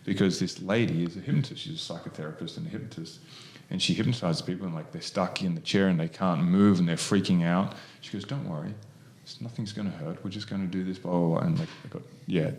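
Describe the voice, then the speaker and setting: With a deep, creaky voice, an Australian podcast co-host rambles through an explanation of hypnosis. His talk is loose, stuffed with fillers, and marked by frequent restarts.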